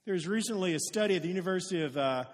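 Male pastor, high voice, earnest sermon in a church hall with long reverb. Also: animated, rapid-fire. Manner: earnest storytelling, rising to emphatic peaks. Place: church sanctuary.

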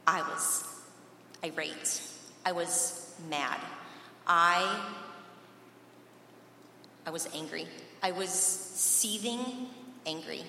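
A woman's voice: fairly low pitch, gravelly, bright, forceful tone, a little hiss or hum. Woman testifying in an echoey hall. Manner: earnest, emphatic, with dramatic pauses. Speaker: speaker giving a personal testimony. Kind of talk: faith testimony talk. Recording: echoey hall from far off, faint ambience.

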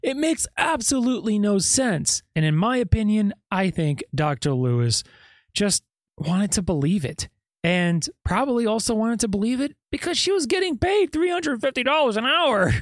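A man's voice: high-pitched, animated, normal speed, dry recording, clean studio sound. A man hosting a podcast, giving skeptical true-crime commentary full of rhetorical questions. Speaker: podcast host.

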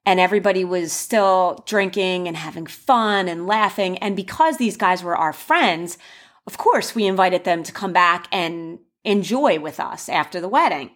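A young woman casually telling the story of her wedding and giving advice, animated, acting out the quoted voices with gasps. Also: fairly low pitch, moderate pace. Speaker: bride sharing wedding advice.

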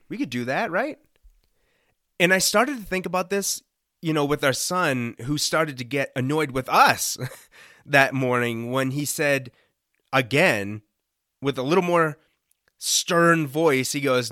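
Young man, devotional podcast host, lively pitch, dry close sound, conversational and earnest. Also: unhurried, long pauses, dry recording. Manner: conversational, often asks "right?"; earnest, lightly joking. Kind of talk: casual devotional talk.

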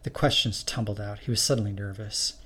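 A man narrating a spooky short story in a steady, measured reading voice. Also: fairly low pitch, husky.

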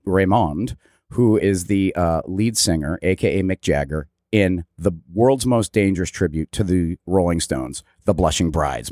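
A man's voice: deep voice, darkish tone, dry recording. A man co-hosting a podcast in casual chat, laid-back and chatty, swearing freely. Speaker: podcast co-host. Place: indoor room on an island. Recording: dry indoor room, air conditioner behind.

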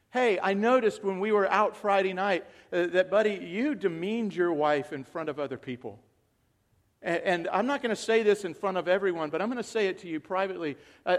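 High-voiced male pastor preaching. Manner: conversational, acts out quoted voices, swings from hushed to loud. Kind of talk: sermon.

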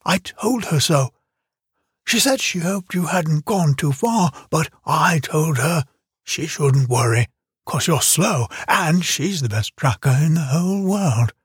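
Man voicing a little girl, audiobook, chattering, stubborn, husky breathy tone, unhurried. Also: a little high, expressive, no echo, clean studio sound, voice pushed up, heavily acted. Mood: insistent. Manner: earnest, insistent, chattering. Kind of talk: audiobook character reading.

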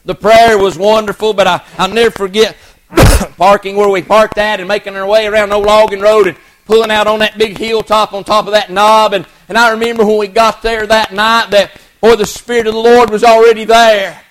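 Man, middle-aged, preacher; high-pitched, folksy storytelling sermon. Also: little pitch movement, brisk, a bit bright, a little hiss or hum, low-quality recording. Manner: folksy, earnest, many restarts and repeated words.

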